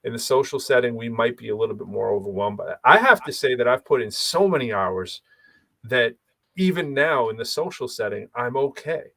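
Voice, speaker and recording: A man co-hosting a podcast, talking in an animated, emphatic way and repeating phrases for effect. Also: medium pitch, a little fast, vocal fry, no room sound. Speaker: podcast co-host. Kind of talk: casual chat.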